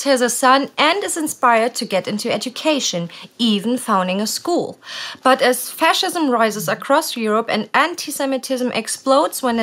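A woman co-narrating a history documentary in a lively, playful storytelling way. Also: on the high side.

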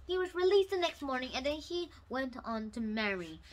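A woman casually retelling a novel for her channel, halting with restarts and bursting into loud, excited outbursts. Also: high voice, slight background noise, low-quality recording. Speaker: YouTube storyteller.

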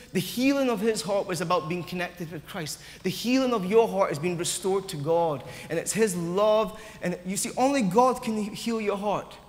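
A man's voice: sits high, in a large hall. A man preaching a sermon in church, earnest, acting out the voices of the doubting, often stumbling and restarting his sentences.

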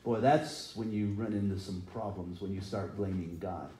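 A man's voice: low-pitched, normal speed, warm tone, reverberant, poor audio. A middle-aged man preaching a sermon earnestly, sometimes acting out people's cries. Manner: earnest, rises and falls in intensity, acts out quoted cries. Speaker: pastor. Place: church sanctuary.

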